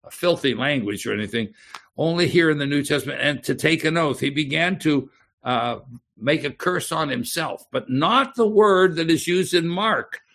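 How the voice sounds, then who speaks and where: Gravelly male preacher reading scripture. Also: fairly high pitch, moderate pace. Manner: animated, repeats and restarts words, reads scripture aloud. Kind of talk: sermon.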